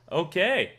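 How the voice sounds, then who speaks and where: A man with a Massachusetts accent hosting a livestream, chatting casually, playful and quick to laugh. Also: very high voice. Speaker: livestream host. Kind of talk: casual stream chat.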